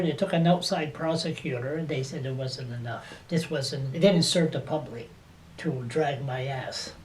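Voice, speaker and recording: A man interviewing a guest in a casual, blunt way, with sarcastic jokes he laughs at himself. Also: on the high side. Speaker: interviewer and activist.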